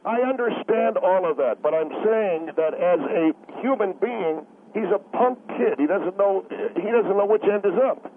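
A man's voice: sits high, normal speed, few pauses. A man arguing insistently as a radio show guest, repeating himself and talking over callers. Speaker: studio guest. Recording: narrow phone-line sound with faint hiss.

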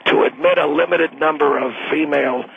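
A man's voice: on the high side, steady tone, brisk, creaky, slightly rough. A man in his late seventies, a retired attorney calling in to a radio show, talking in a blustery, crude and blunt way. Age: 70s. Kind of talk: call-in radio talk. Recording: tinny phone line.

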